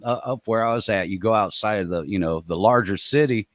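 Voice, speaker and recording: A man with a very low voice, recorded close and dry, chats in a slow, laid-back way. He mumbles through his stories and swears often. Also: dry recording. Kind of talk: casual chat.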